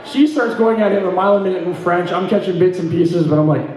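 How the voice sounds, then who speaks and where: A man's voice: sits high, quick pace, a little mellow, very echoey, poor audio. A middle-aged man from Ontario doing stand-up comedy, telling a story with lots of swearing and laughing between punchlines. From Ontario, Canada.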